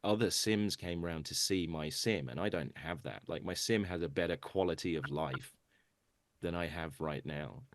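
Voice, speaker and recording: A man's voice: sits low, normal speed, a little hiss or hum. A man, a comedian guest on a comedy podcast, telling rambling, sardonic stories over a video call.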